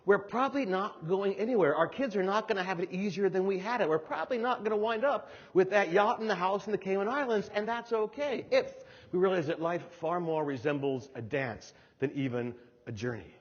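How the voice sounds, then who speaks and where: This older man's motivational keynote comes through in a high voice at a slightly fast clip. He spins animated stories, repeating key phrases for emphasis, while the dull recording rings with long hall reverb.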